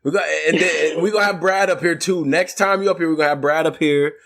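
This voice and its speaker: A man's voice: on the high side, fairly even intonation, fast talker, a bit bright. A man hosting a casual podcast chat, easygoing and slangy. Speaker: podcast host.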